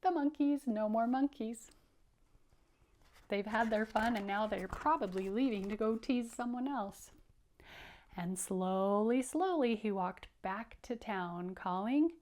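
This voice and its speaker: A woman with a fairly high voice reads a children's story aloud to young listeners, animated and encouraging. She speaks slowly and clearly and invites them to repeat the lines after her. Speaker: teacher reading aloud.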